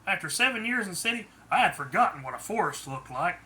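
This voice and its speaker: A man reads his own book aloud as plain first-person audiobook narration. His voice is high and very bright, with a sharp edge. The storytelling is steady and unadorned. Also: quick pace.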